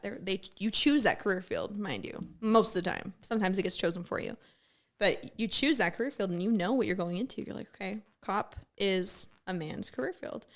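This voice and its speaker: A woman's voice: mid-range voice, creaky. A woman, a former military gunner, telling blunt, profane stories in a casual podcast chat. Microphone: studio podcast mic.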